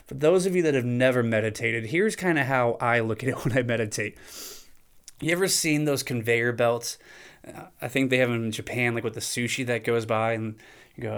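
A man's voice: medium pitch, brisk, a bit bright, clean tone. A man hosting a podcast, talking in a casual, conversational monologue. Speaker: podcast host.

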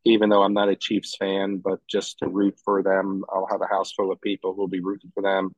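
A man's voice: deep voice, monotone, a little fast, dry recording, highs cut off. A man cohosting a podcast in casual chat, ribbing his cohost and telling stories. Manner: ribbing, storytelling. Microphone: travel mic, from an airport.

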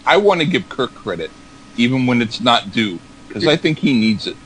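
A man's voice: mid-range voice, sing-song, moderate pace, background noise. A man in casual chat, rambling through anecdotes with stammered repeats and acted-out quotes.

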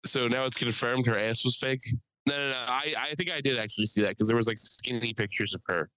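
A man's voice: medium pitch, bright, forceful tone, dry recording, poor audio. A man co-hosting a podcast, telling crude jokes and rambling stories in casual chat. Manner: joking, profane storytelling with quick asides. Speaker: podcast co-host.

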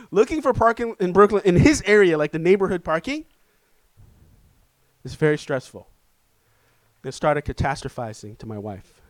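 A man preaching a sermon as pastor, telling a personal story in an animated, self-deprecating way. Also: high voice, normal speed, long pauses, dry recording.

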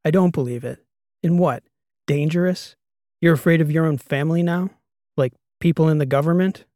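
A man's voice: fairly high pitch, normal speed, darkish tone, no echo, studio quality, lightly acted. A man voicing an agitated, incredulous male historian who keeps firing off demanding questions. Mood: alarmed.

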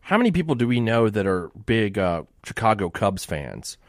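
A man from Miami appearing as a guest on a radio talk show, talking in a quick, agreeable conversational way. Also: lowish voice, sing-song, no echo, studio quality. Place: radio studio.

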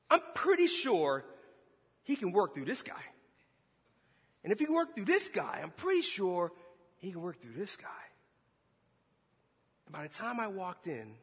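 A man preaching a sermon, telling a story with animated energy and shouting at its peaks. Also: sits high, creaky, husky. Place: church hall. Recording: long hall reverb.

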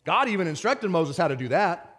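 A man's voice: high-pitched, fairly quick, slightly rough. Storytelling man preaching a sermon. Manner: conversational storytelling, animated, many restarts. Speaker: pastor.

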